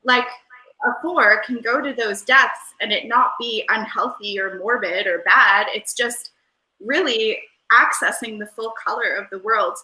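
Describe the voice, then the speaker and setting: Woman, airy valley-girl delivery, rambling with fillers, higher voice, video call. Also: a little slow, sharp tone. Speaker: interview guest. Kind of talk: casual conversational interview. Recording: roomy echo.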